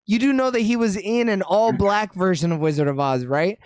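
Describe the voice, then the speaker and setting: Male co-host, high-pitched, crude joking banter. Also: fairly quick, a little mellow, smooth, no echo, studio quality. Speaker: podcast co-host. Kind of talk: casual chat.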